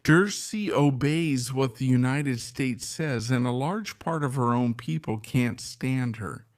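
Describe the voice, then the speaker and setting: Medium in pitch and slow in pace, this male commentator offers strong opinions on current affairs. The studio-quality audio has no echo, and he drives his views home by repeating them and asking insistent rhetorical questions.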